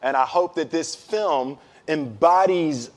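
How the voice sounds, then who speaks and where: A man speaking as an interview guest, telling stories with humor and pausing thoughtfully when serious. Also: fairly high pitch. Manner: animated, humorous storyteller who acts out scenes; reflective, halting with fillers when serious. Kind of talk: candid storytelling in a sit-down interview.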